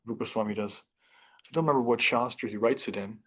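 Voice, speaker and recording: A man's voice: fairly low pitch, fast, slightly rough. Male class teacher, reads scripture and talks it through informally, reflective, with restarts. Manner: conversational, reflective, with restarts and softer asides. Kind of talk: reading and explaining scripture to a class.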